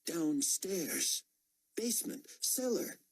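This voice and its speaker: A man doing a calm, probing young woman. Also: fairly high pitch, slow, slightly rough, pitched above the performer's own voice, exaggerated voice. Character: determined young woman undercover, cool-headed.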